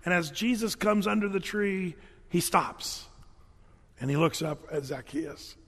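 A man with a high voice preaches a sermon, retelling Bible stories with animated, folksy asides. His voice rings out with a long hall reverb. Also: measured pace. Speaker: pastor.

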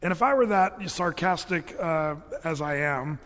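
A man's voice: on the high side, lively intonation, a little slow, a bit bright, big-room sound. A man preaching a sermon, explaining scripture in a casual, joking way with playful asides. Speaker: pastor.

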